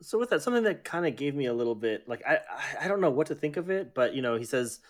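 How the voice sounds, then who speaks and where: Hesitant woman with a very deep voice. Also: sing-song, fast. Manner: hesitant, unsure. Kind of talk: casual chat.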